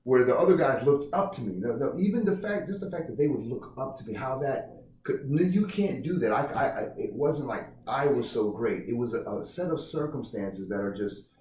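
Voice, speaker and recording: A man being interviewed about his book, telling stories in a lively, halting way and acting out what others said. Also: mid-range voice. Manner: animated, restarts often, acts out quotes. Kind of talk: casual interview storytelling. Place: indoor room. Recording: roomy, distant mic, faint ambience.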